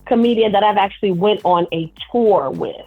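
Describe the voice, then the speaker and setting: Female stand-up guest on a phone line, candid storyteller, mid pitch. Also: animated, moderate pace, soft background music. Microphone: telephone.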